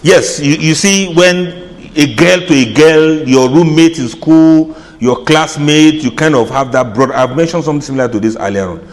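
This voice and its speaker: Male lecturer, high-ish voice, jokey and chatty, long hall reverb. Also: moderate pace. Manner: humorous, chatty asides, laughs at own jokes. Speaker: Islamic lecturer. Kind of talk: lecture to an audience.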